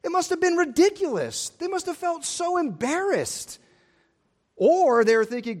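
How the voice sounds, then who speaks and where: High-voiced pastor preaching emphatically. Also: male voice, very animated, measured pace, a little mellow. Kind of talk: sermon.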